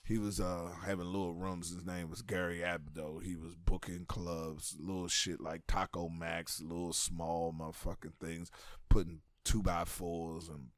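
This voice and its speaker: Brief: American male comedian, middle-aged, loose and profane raconteur, somewhat low voice, dry recording. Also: a little slow, no room sound. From United States. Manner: profane, animated storyteller. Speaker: comedian guest. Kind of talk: casual storytelling interview.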